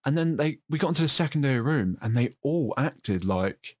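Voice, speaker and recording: A man's voice: medium pitch, lively intonation, normal speed, no echo. A man with an English accent, hosting a casual chat and telling long rambling anecdotes with frequent laughs. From England. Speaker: podcast host.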